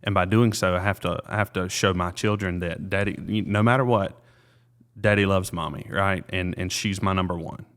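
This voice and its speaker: A man in his thirties, a realtor being interviewed, telling a personal story in an earnest, halting way with many fillers and restarts. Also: sits low, steady tone, fairly bright tone. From South Carolina.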